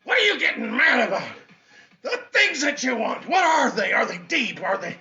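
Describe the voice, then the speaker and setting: A man's voice: very high voice, very animated, normal speed, bright, forceful tone. A man giving a fiery, preachy motivational speech as a fitness coach, hammering points home with repetition. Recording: dull lo-fi audio with faint music.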